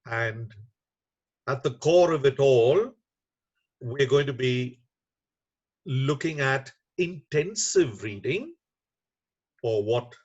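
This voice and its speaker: Male webinar lecturer, slow and measured, muffled computer mic. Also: mid-range voice, husky. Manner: measured, unhurried, with frequent uh fillers. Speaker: webinar lecturer on teaching reading. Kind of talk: online lecture.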